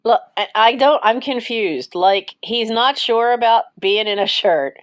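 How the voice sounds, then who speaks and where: A woman's voice: fairly high pitch, unhurried, no echo, highs cut off. A woman talking to her cats while filming at home, cooing and giggling often. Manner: baby-talks to cats, breaks into frequent giggles. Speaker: pet vlogger. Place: cold house, bedroom.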